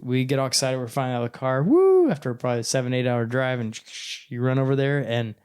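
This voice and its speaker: A man's voice: medium pitch, flat delivery, fast, smooth. A man co-hosting a podcast, telling rambling childhood stories in a casual, joking way. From born in St. Louis, raised in western Oklahoma. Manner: rambling, jokey storyteller. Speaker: podcast co-host.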